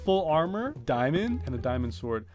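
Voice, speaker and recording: A man's voice: on the high side, big pitch swings, normal speed, a little mellow. A young man giving playful gameplay commentary, sly and teasing. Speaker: gaming YouTuber. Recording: gameplay with music behind.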